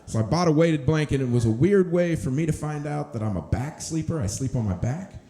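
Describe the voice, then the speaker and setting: Male stand-up, warm mellow tone, relaxed and rambling. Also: fairly high pitch, a little fast. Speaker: stand-up comedian. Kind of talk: stand-up set. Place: comedy club stage.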